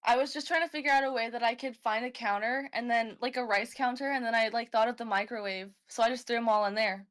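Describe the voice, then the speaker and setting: A young woman with a slightly high voice answers questions on a casual call. She sounds easygoing and giggly, and she describes herself as a hyper person. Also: fairly even intonation, fast talker, few pauses, a bit bright. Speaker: guest, former reality-show contestant. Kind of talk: casual interview over a call.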